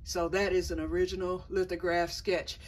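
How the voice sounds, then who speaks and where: A woman's voice: on the low side, level tone, normal speed. A middle-aged woman chatting casually in a personal vlog, rambling and correcting herself as she goes, with folksy turns of phrase. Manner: rambling, self-correcting storyteller; folksy, says y'all. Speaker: vlogger.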